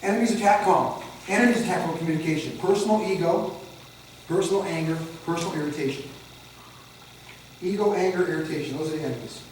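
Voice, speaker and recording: A fast-talking man with a fairly high pitch and darkish tone leads a de-escalation training class, lecturing animatedly and acting out mocking-voiced examples. Slight background noise is present, and the echoey room was recorded from a distance.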